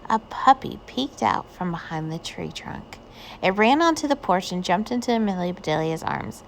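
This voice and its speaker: A woman reading a children's picture book aloud, with gentle storytelling. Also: medium pitch, expressive, normal speed, creaky, a little hiss or hum. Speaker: reader.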